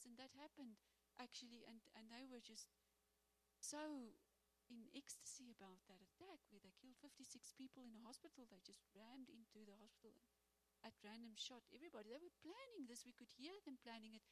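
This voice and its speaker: A woman speaking in church, telling a personal testimony as a sermon with animated storytelling and acted-out prayers. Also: on the high side, fairly quick, slight background noise, poor audio.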